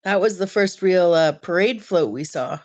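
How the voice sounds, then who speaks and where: High-voiced man on a dry call. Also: animated, moderate pace, no room sound. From Canada. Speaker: live stream panelist. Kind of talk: casual group call chat.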